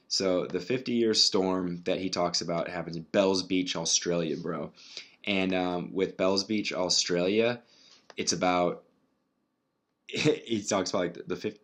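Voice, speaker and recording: A man with a very low voice talks alone on his podcast, swearing freely. He rambles and restarts his sentences as he works through his thoughts. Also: fairly bright tone. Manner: rambling, profane, restarts often. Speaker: podcast host. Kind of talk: casual solo podcast monologue.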